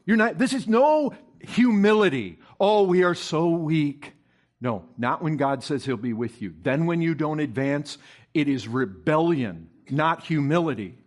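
A man's voice: a little high, very animated, moderate pace. A man preaching a sermon to his congregation, reading scripture aloud, asking the listeners questions and building to emphatic, stressed bursts. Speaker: pastor.

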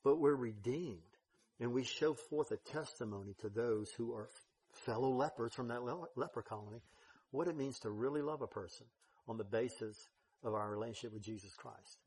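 Husky-voiced man preaching a sermon. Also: mid-range voice, normal speed. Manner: emphatic, swings between loud stresses and quiet drops.

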